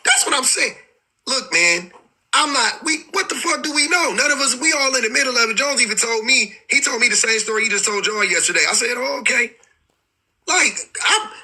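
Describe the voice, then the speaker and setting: Husky high-voiced man ranting on a livestream. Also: pushed and bright, rough recording. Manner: rambling, profane, exasperated, many restarts. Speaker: livestream host. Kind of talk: casual livestream commentary.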